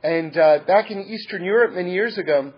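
High, husky man telling stories earnestly. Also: a little fast. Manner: repetitive, earnest, stacks adjectives. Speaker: religious teacher. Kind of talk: storytelling talk. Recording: dull lo-fi recording.

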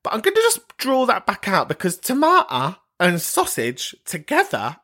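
A man hosting a podcast, chatting casually and swearing freely as he reacts to listener voice notes, gossipy and quick to laugh. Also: sits high, wildly swooping pitch, bright, forceful tone. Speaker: podcast host.

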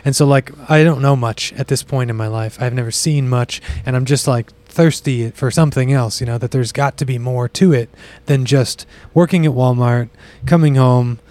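A man from the US South tells a road-trip story on a podcast in a relaxed, chatty way. His voice sits at a middle pitch. He jumps higher and louder whenever he acts out what other people said. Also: normal speed, few pauses. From US South (Bible Belt). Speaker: podcast guest. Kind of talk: casual storytelling.

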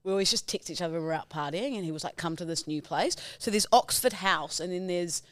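A young woman, her voice raspy and hoarse after a tiring weekend, telling a bubbly, giggly story as a podcast co-host. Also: lowish voice, fast, fairly bright tone, dry recording. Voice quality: raspy, partly lost voice. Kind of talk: casual chat.

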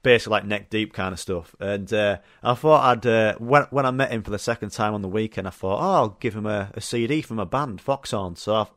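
A man's voice: on the low side, fairly quick, hardly any pauses, a bit bright, dry recording, clean studio sound. A man with a Yorkshire accent hosting a podcast, telling rambling stories in a casual, chatty way with lots of fillers and the odd swear word. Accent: Yorkshire English. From Yorkshire, England. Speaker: podcast host. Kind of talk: casual storytelling chat.

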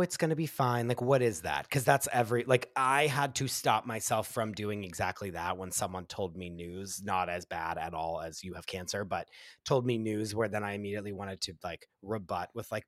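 A man's voice: lowish voice, moderate pace, a bit bright, no echo, studio quality. A man, the podcast's producer, interviewing in a curious, thoughtful conversational way.

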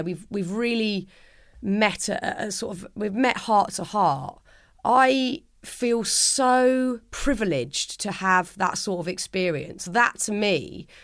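A woman's voice: mid-range voice, fairly bright tone, no echo, clean studio sound. A middle-aged woman, a guest in an interview, speaking in a heartfelt, earnest way, often restarting her sentences. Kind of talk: reflective interview conversation.

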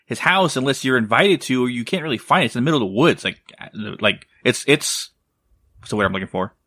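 A man co-hosting a podcast tells a story in a loose, rambling way. He swears freely and keeps tagging his sentences with "right?" His voice is bright and recorded dry and close. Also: medium pitch, lively intonation, fast talker, no room sound. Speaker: podcast co-host. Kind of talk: casual storytelling.

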